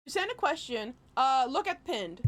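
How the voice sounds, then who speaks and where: A woman's voice: high-pitched, sing-song, normal speed, fairly bright tone, no room sound. A young woman answering questions on a casual live stream, rambling and giggly with many fillers and restarts. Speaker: streamer and project creator.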